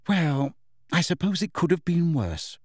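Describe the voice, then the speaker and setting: A man's voice: on the high side, sing-song, unhurried, no room sound, studio quality, voice pushed up. Hermione, a man putting on a raised, anxious schoolgirl voice. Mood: impatient. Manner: anxious, impatient questioning. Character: earnest anxious teenage schoolgirl, bossy. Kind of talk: audiobook character voice.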